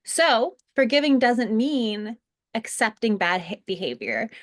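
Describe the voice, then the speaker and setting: A woman co-hosting a spiritual lesson, talking earnestly in a casual way with fillers and restarts. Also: fairly high pitch. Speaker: co-host teaching a spiritual lesson. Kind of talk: casual spoken teaching.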